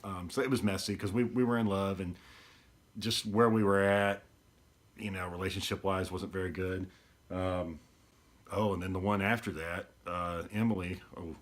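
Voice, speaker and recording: A man's voice: sits low, fairly even intonation, normal speed. A man, hosting his podcast in a rambling, easygoing casual talk. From East Texas. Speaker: podcast host.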